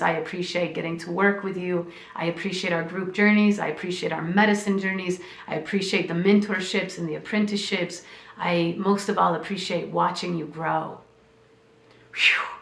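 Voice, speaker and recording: A woman's voice: on the low side, creaky, a bit bright, reverberant. A woman hosting a spiritual podcast, speaking with emotion and a shaking voice, repeating phrases like a preacher. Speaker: podcast host and spiritual teacher. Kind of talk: heartfelt podcast monologue.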